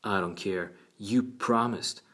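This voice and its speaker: A man's voice: takes it slowly, pushed and bright, exaggerated voice. A man voicing a frightened little boy who pleads and protests in an audiobook reading. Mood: frightened pleading. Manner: high, insistent, upset.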